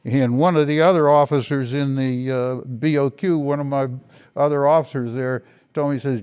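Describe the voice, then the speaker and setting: An older man slowly and reflectively telling stories of his past in an oral history interview. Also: mid-range voice, steady tone, darkish tone, clear, resonant tone, highs cut off. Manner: slow, reflective storytelling. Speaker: interviewee, veteran.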